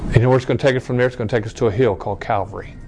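A man leads a Bible study in a conversational style, posing rhetorical questions, checking in with "okay?", and restarting phrases while reading verses aloud. His medium-pitched voice is fairly even and very fast, heard over music in a low-quality recording.

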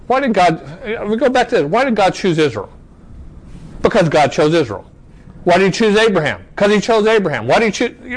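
Over poor audio, a high-voiced man runs a conversational Bible study. He asks rhetorical questions, checks in with "okay?", and stumbles into restarts while reading scripture aloud.

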